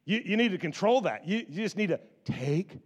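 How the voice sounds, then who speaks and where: Middle-aged male pastor, lively sermon delivery with stammered repeats and acted-out quotes, voice sitting a little high. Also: fairly quick, breathy edge. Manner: animated, repeats words, acts out biblical quotes.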